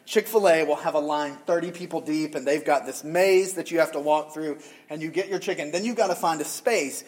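A middle-aged man from the American South delivers a sermon in a loose, conversational way, teasing his congregation as he goes. His voice sits slightly higher than most men's. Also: fairly quick, a little mellow. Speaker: pastor.

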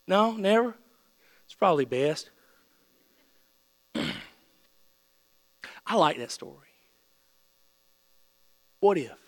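A man preaching a sermon with playful storytelling that builds into excited shouts. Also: high voice. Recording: long hall reverb with mains hum.

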